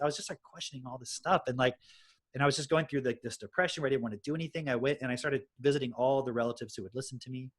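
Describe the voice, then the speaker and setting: Podcast host, man in his thirties, husky voice, fast animated storytelling with swearing. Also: medium pitch. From Texas. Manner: swears freely, animated retelling. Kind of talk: casual storytelling chat.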